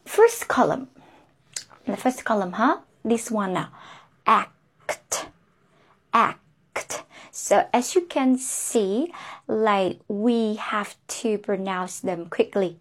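A woman teaching English pronunciation, saying each word slowly and repeating it, often ending with a questioning "huh?". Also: medium pitch, expressive. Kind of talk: slow, deliberate pronunciation lesson.

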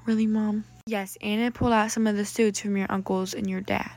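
A woman voicing a doting, fussy mother in a toy role-play story, loud and cheerful. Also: mid-range voice, level tone, moderate pace, natural voice.

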